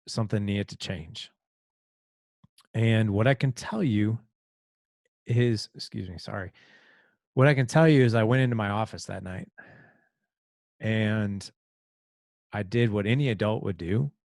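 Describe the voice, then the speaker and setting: A man in his thirties, a podcast host, telling an emotional personal story in a halting, confessional way. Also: lowish voice, gravelly, a little mellow, no room sound, studio quality.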